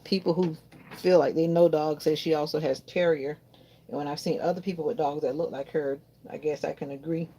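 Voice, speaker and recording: A woman's voice: deep voice, steady tone, fairly quick, dark tone, breathy edge. A woman chatting casually to her viewers while doing laundry at home, rambling from one thought to the next. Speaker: vlogger. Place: home in Florida.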